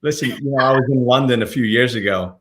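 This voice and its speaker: A man's voice: mid-range voice, fast talker, fairly bright tone, a little hiss or hum. Upbeat motivational male host, echoey room. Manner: upbeat, motivational, repeats words. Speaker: podcast host. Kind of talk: casual livestream interview.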